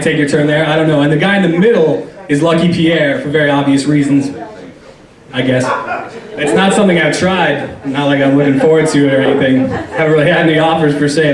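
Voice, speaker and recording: A young man doing a stand-up comedy set on a club stage, rambling and self-deprecating, with lots of fillers. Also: a little high. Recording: roomy club, distant mic.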